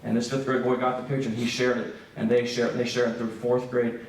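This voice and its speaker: A man speaking at a church breakout session in an earnest storytelling manner, turning quiet and grave for the hard parts. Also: mid-range voice, flat delivery, fast, a little hiss or hum. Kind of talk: earnest church seminar talk. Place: church hall. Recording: very echoey hall from far off.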